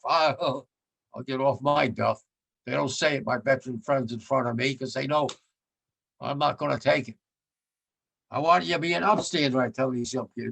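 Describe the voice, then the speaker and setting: A man's voice: a little high, vocal fry, a bit bright. A man in his nineties giving a blunt remembrance talk as a war veteran, repeating his points with rising force. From United States. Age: 90s.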